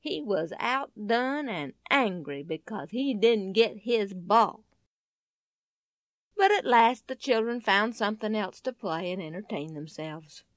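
Lively woman telling a children's story. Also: mid-range voice, a little slow, no echo, studio quality.

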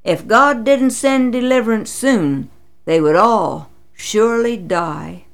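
A woman reads a Bible story aloud with a dramatic, expressive delivery. Her voice is fairly high and swoops widely in pitch. She takes her time, with a gravelly fry at the ends of phrases. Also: takes it slowly. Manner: dramatic, voices quotes with big pitch swings.

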